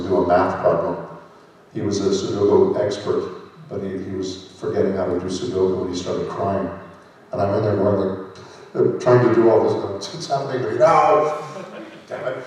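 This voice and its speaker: A man's voice: low voice, fairly quick, far from the mic. Older man telling stories in an echoey hall. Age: 60s. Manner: lively anecdotal storytelling with self-mocking jokes. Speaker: voice actor guest on a convention panel. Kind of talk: convention panel Q&A storytelling. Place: large convention hall. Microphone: handheld microphone.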